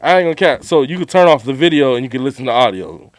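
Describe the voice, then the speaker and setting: A man co-hosting a podcast, telling a story in animated, slangy casual talk and acting out quotes. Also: medium pitch, fast, no room sound. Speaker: podcast co-host.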